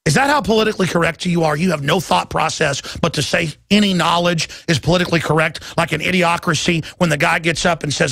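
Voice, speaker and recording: A man's voice: a little high, fairly even intonation, quick pace, vocal fry, few pauses, fairly bright tone, no room sound, clean studio sound. A man in his thirties hosting a talk radio show, delivering an impassioned, ranting monologue. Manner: impassioned, ranting, mimics others in quoted voices. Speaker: radio host.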